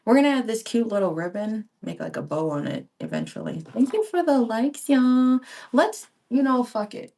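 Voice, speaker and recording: A woman's voice: on the high side, sing-song, normal speed, vocal fry, dark tone. Woman in her 30s rambling while she sews, slangy asides to viewers, mic a little far off. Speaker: crafting vlogger. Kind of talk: casual live-stream chat while crafting. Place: home, by a window. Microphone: small handheld pink microphone.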